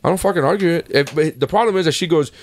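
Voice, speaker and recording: Fast-talking profane man telling stories. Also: on the high side. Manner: profane, rambling, acts out quoted lines. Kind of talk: casual chat, storytelling.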